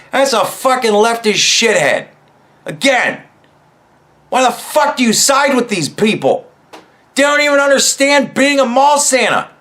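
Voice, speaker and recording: A podcast host with a very high-pitched, slightly bright voice delivers an angry, mocking political rant. It's profane commentary, thick with swearing.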